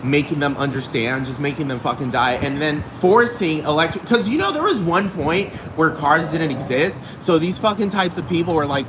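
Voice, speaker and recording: A man's voice: on the high side, lively intonation, a little fast, few pauses, over music, low-quality recording. A man hosting a one-man podcast outdoors, ranting casually with lots of profanity and constant "like" fillers. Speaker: podcast host. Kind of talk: casual rambling monologue. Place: outdoors near a road with passing traffic. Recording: loud outdoor traffic noise. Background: cars and street traffic.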